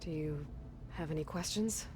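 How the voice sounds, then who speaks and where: A woman's voice: low-pitched, moderate pace, close to an everyday voice. An actress playing a determined young woman hunter and leader in a video game, speaking in a direct, plain way. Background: game music.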